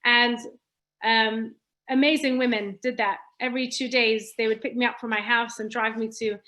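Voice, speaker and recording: High-voiced woman telling her story earnestly. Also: fairly even intonation, normal speed, fairly bright tone, low-quality recording. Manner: earnest, repeats and restarts phrases, uses Hebrew terms. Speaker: speaker sharing her story. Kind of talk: personal testimony talk.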